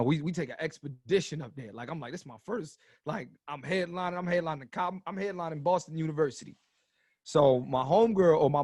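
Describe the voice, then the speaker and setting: A comedian in his thirties, guesting on a podcast, tells stories in a casual, animated way, cursing freely and growing louder as he goes. His voice sits on the high side, and the studio-quality recording has no room sound.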